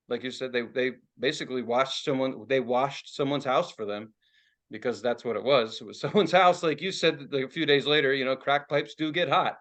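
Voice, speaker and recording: A man's voice: mid-range voice, fairly bright tone. A man from Philadelphia, co-hosting a podcast and telling a rambling, profane story in casual chat, laughing as he goes. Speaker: podcast co-host.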